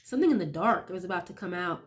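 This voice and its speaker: A woman's voice: fairly low pitch, expressive, quick pace. A young woman doing a casual tarot reading, chatty and sniffly as she gets over a cold, often checking in with "okay?". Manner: chatty, keeps asking okay, swears casually. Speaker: tarot reader.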